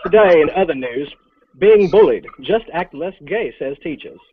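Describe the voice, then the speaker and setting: A man putting on a mock news anchor voice, reading absurd headlines with slow solemn delivery. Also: fairly high pitch, lively intonation, crowd noise, lightly acted. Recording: tinny phone-like line.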